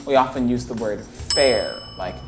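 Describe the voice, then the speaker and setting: An American man talks through English usage at an unhurried, easygoing pace, his voice sitting in a comfortable middle range. He sounds like he is teaching a casual class. The room rings with echo, and music plays clearly underneath. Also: mid-range voice. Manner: relaxed, easygoing explanations with frequent laughs. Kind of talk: casual teaching chat answering viewer questions. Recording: echoey studio with music behind.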